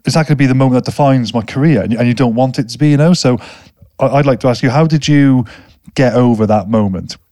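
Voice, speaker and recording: A man's voice: mid-range voice, fast, mellow, no room sound, clean studio sound. A man hosting a podcast, asking long, thoughtful questions in a conversational tone. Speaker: podcast host, interviewer. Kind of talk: conversational interview.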